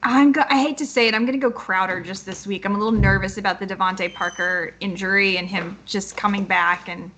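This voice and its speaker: A woman's voice: medium pitch, steady tone, fairly quick, few pauses, fairly bright tone, a little hiss or hum. A woman co-hosting a live fantasy football show, giving blunt, decisive start-or-sit picks. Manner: decisive, blunt opinions, laughs easily. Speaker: co-host, fantasy analyst.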